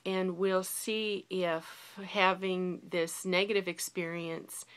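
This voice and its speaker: Woman, forties, confessional video-diary delivery, lower register with a bright edge. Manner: candid, reflective, confessional. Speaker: vlogger.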